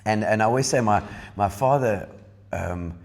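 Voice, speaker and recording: A man with a South African Eastern Cape accent, chatting casually on a podcast. His voice sits low, and he is an animated storyteller who keeps restarting his sentences. A long reverb hangs on every word. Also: normal speed, vocal fry. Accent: South African English, Eastern Cape. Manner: animated storyteller, laughs often, many restarts. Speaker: podcast guest, entertainer. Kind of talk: casual chat. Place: bowling club.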